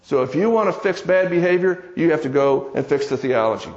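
A man from the American South preaches a sermon in church, telling a story in a folksy, conversational way with joking asides to the congregation. His fairly high voice is animated, a little fast, and a little mellow. The recording is dull with long hall reverb.

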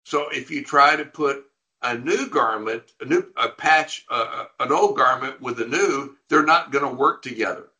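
A man with a bright, forward voice at middle pitch, teaching through a passage of scripture. He reads verses aloud and then explains them, often stopping to restart a phrase. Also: normal speed. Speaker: pastor.

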